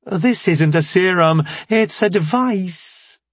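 A man voicing a bubbly, eager young female chief scientist in an audiobook, pitching up high and chirpy. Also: animated, slow, husky, no room sound, exaggerated voice.

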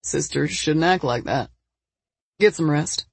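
A calm, gentle man who patches up a wound, speaking steadily and softly, as a woman narrator puts him on. His voice is husky and a touch gravelly, and the recording is dry. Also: sits low, a little slow, no room sound, heavily acted.

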